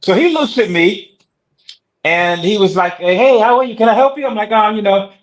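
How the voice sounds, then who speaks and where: A man, a guest telling a lively story on a casual talk show and acting out the voices in it. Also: high-pitched, moderate pace, poor audio.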